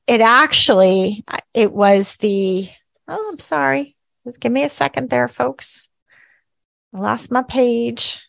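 A woman hosting a casual spiritual teaching talk, chatty and lively, laughing at herself and often checking in with "right?". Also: medium pitch, vocal fry, no echo.

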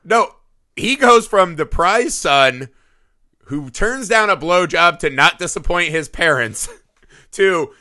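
A man in his thirties, co-hosting a casual movie review podcast, animated and profane, laughing often. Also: high voice, slow. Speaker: podcast co-host.

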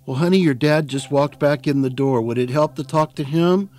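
A man's voice: a little high, moderate pace, a little mellow, natural voice. A man putting on a fussy, caring mother. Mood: fussing mother. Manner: fussy, affectionate, calls him honey. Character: worried, caring middle-aged foster mother.

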